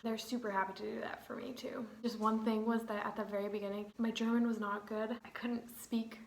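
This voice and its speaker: A woman's voice: on the high side, flat delivery, fairly quick, vocal fry, roomy sound, slight background noise, low-quality recording. A young woman in her twenties, chatting casually as a vlogger, rambling with lots of "like.". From United States. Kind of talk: casual chat.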